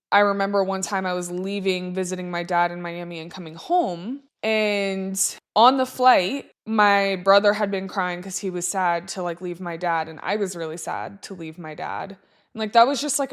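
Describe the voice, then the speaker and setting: Candid young woman sharing personal stories. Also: mid-range voice. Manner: candid, frequent "like" fillers. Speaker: podcast host. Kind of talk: reflective personal storytelling.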